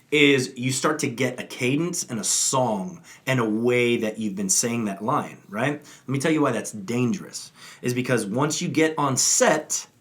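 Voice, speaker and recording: A man co-hosting a chat about acting, explaining in an energetic, conversational way and often checking in with "right?". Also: mid-range voice. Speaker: acting coach and co-host. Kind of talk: casual instructional chat.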